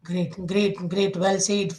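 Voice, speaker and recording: A man's voice: high voice, flat delivery, slow, a little mellow, low-quality recording. A man with an Indian English accent, hosting an interview, effusive with praise and often restarting his phrases. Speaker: interview host. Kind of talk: casual interview chat.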